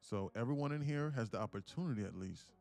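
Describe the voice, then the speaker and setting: A man's voice: medium pitch, lively intonation, quick pace, gravelly, darkish tone. A man hosting a live day-trading stream, talking casually and profanely to his chat. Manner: laid-back, profane, addresses chat as guys. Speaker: day-trading livestream host. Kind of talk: casual livestream commentary.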